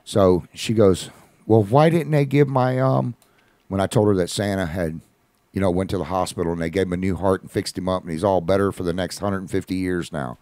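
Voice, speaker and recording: Man, radio host, folksy storyteller, deep voice, dry studio sound. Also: a little fast, no room sound. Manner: folksy, conversational, animated retelling with quoted voices.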